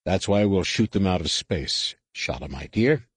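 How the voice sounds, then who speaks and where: A man's voice: deep voice, lively intonation, measured pace, slightly rough, no room sound, full character voice. A man voicing a confident, wry male starship captain in an audiobook, giving orders with dry humor. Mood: commanding.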